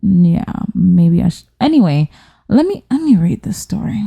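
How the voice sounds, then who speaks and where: A woman's voice: lowish voice, sing-song, a little slow, vocal fry, mellow, slightly rough. A woman hosting a podcast, reading stories aloud in casual chat, blunt and profane, wandering into tangents, close on a microphone. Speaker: podcast host. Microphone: studio microphone.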